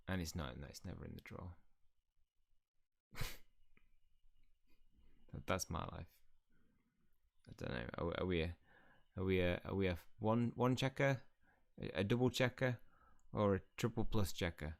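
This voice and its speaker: A man's voice: low voice, normal speed, gravelly, pauses often, a little mellow. A man hosting a game channel, chatting playfully and reading game dialogue aloud as he plays. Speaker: gaming channel host. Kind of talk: casual let's play commentary.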